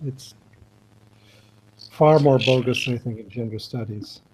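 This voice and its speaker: A man's voice: medium pitch, measured pace, noisy background. A man, a biologist, talking emphatically and critically in a video call conversation. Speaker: blogger and biologist.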